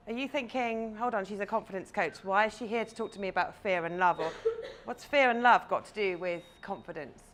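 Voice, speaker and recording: A woman's voice: medium pitch, a little hiss or hum. A woman, a confidence coach giving a chatty, playful talk to a live audience on stage.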